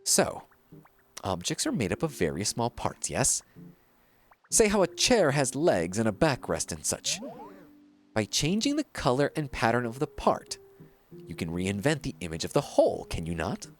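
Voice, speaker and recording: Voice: mid-range voice, huge pitch swings, normal speed. A gamer reading out a pompous, flamboyant art teacher's lines in a grandiose, theatrical way. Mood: lofty. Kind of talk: reading game dialogue aloud.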